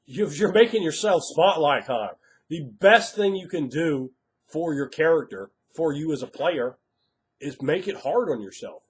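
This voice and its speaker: A man's voice: on the high side, lively intonation, unhurried. Emphatic man giving tabletop game advice. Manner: emphatic, acts out quoted players and game masters. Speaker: game master. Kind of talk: casual advice monologue.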